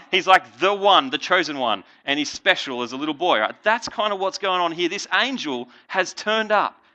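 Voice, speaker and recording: A man's voice: on the high side, highs cut off. A man giving a casual, chatty Bible talk to young listeners, full of "like" and "right?". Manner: chatty, animated, lots of "like" and "right?". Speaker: youth leader.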